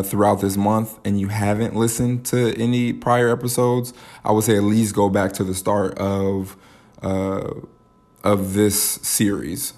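A man hosting a solo podcast, reflecting aloud in a halting way, with many fillers and restarts. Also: fairly low pitch, a little mellow. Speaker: podcast host.

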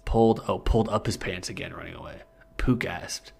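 A man's voice: low-pitched, brisk, creaky, husky. A young man co-hosting a comedy podcast, reading fan fiction aloud into a studio mic, stumbling and laughing as he goes. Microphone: studio mic with pop filter.

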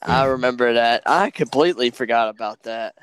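A man's voice: medium pitch, fairly quick, clear, resonant tone, no echo. A young man, a podcast guest, chatting casually and poking fun at himself while he recalls shared memories. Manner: easygoing, self-mocking storyteller. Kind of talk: casual chat.

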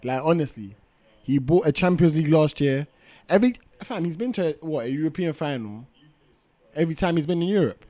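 A young man, chatting in casual football podcast banter, excitable and slangy, swearing and cutting in often. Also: on the high side, brisk. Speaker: podcast co-host.

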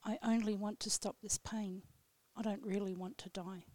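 A woman guest on a radio show reading her own poem aloud in a slow, solemn, measured way. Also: medium pitch, fairly even intonation, warm tone, dry recording. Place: radio studio.

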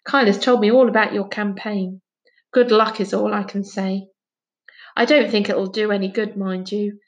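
A woman's voice: medium pitch, fairly even intonation, moderate pace, muffled recording, lightly acted. A fussy, protective mother from a storybook, as a woman reader puts her on. She sounds doubtful and a little bossy, close to the reader's own voice.

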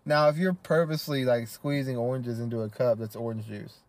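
A man's voice: mid-range voice, steady tone, brisk, slight background noise. A young man co-hosting a casual podcast chat, laid-back and blunt, teasing his friend. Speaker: podcast co-host.

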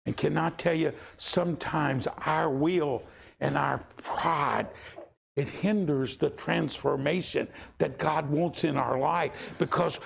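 Gravelly older male preacher, slow. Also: a little high. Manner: storytelling, voices quotes softly, rising to impassioned pleas. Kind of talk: sermon with personal story.

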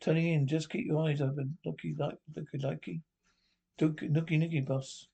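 A sing-song, jokey jungle guide. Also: male voice, a little high, little pitch movement, moderate pace, vocal fry, warm tone, slightly rough. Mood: playful. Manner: playful, sing-song word games. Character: jokey adult male expedition guide. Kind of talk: 1970s film comedy acting.

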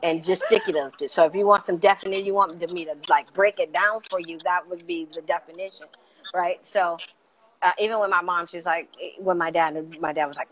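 A middle-aged woman, a guest in a conversation, talking with passion and emphasis and getting louder as she presses a point. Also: on the low side, steady tone, a little fast, rough recording. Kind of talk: casual conversation.

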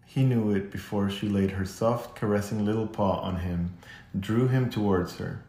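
Man, audiobook narrator, measured storytelling, low voice, echoey room. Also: steady tone, dark tone. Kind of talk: scripted narration.

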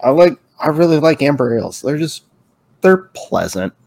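A man's voice: a little high, sing-song, moderate pace, vocal fry, darkish tone. A man co-hosting a podcast, chatting casually and laughing along. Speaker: podcast co-host. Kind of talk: casual chat.

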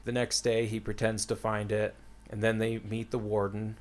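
A man's voice: on the low side, monotone, normal speed. A young man casually retelling a book's plot in a rambling way, full of "like" and "uh". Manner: rambling, filler-heavy retelling with many "like"s. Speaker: storyteller retelling a book plot. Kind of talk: casual chat.

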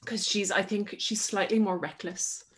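A woman's voice: mid-range voice, steady tone, moderate pace, fairly bright tone, breathy edge. A woman co-hosting a casual podcast, making up a story as she goes with lots of fillers. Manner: rambling, filler-heavy storytelling. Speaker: podcast co-host.

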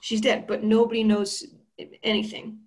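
A woman's voice: a little high, monotone, moderate pace, darkish tone. A young woman recapping a horror film in a chatty, slangy and playful way.

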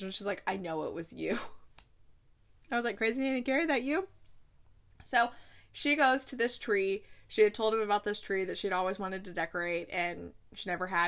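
A young woman casually recapping a movie plot, acting out the characters' lines and laughing often. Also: mid-range voice. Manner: animated storytelling, acts out lines, laughs often. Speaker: podcast host reviewing holiday movies.

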